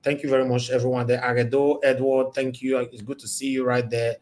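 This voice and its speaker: A Nigerian man hosting a livestream call-in show, talking in an emphatic, preachy way and repeating himself, his voice going hoarse. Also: medium pitch, level tone, brisk, a little mellow. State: losing his voice. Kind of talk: casual livestream talk with call-ins.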